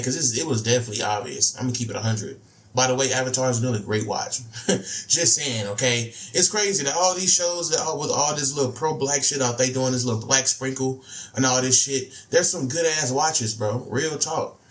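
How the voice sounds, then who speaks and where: A man hosting a reaction video, talking in loose slang and repeating himself as he comments. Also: mid-range voice. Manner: slangy, laid-back, repeats phrases. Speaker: reaction host.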